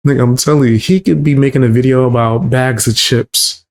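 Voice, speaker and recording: Gravelly man mocking a clip. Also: medium pitch, steady tone, brisk. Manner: incredulous, mocking, heavy slang. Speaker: streamer reacting to a clip. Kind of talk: casual reaction commentary.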